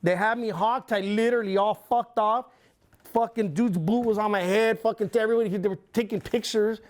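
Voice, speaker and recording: A middle-aged man telling a long story as an interview guest, in casual, profane, rambling speech with lively retellings. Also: sits high.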